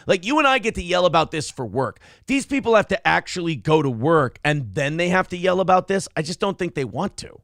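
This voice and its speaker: A male host of a casual talk show, loud and sardonic, whose shouting is his regular way of talking. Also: on the high side, lively intonation, a little fast, vocal fry, hardly any pauses, dry recording, clean studio sound.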